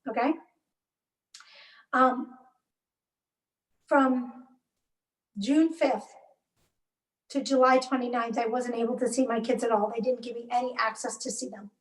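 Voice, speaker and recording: High, gravelly woman, emotionally charged. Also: steady tone. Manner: emotionally charged, halting, with bursts of anger. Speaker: interview guest. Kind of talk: personal account in a podcast interview. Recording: roomy, distant mic.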